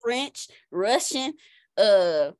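A woman's voice: medium pitch, big pitch swings, extremely slow, no room sound, studio quality. Laughing woman telling a story. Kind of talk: casual podcast conversation.

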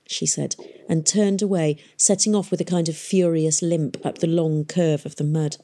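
Audiobook narrator: woman, low, husky, mellow, measured delivery. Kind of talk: scripted narration.

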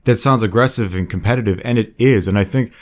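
A man's voice: on the low side, fast talker. A man in casual conversation, rambling and self-deprecating, often restarting his sentences. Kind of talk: casual chat.

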